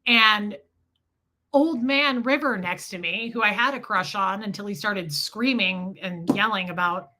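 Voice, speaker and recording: Bright, animated woman telling a story. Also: medium pitch, unhurried, slight background noise. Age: adult, mother of a school-age son. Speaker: livestream host reading super chats. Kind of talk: casual storytelling livestream.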